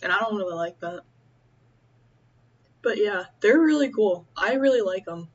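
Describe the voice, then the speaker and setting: A young woman chatting casually as she eats, rambling and halting with many fillers. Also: medium pitch, lively intonation, lo-fi sound. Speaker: vlogger. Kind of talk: casual chat while eating.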